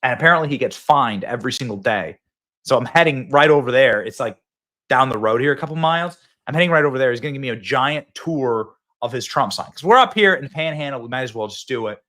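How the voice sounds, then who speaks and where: A man's voice: mid-range voice, animated, quick pace, bright, forceful tone. Hyped man hosting a political show. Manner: hyped, rallying, talks straight to viewers. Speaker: show host.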